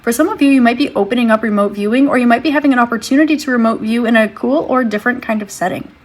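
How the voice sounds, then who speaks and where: A woman giving a tarot reading to her viewers, speaking in a gentle, reassuring way and thinking aloud as she draws cards. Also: fairly high pitch, very fast. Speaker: tarot reader.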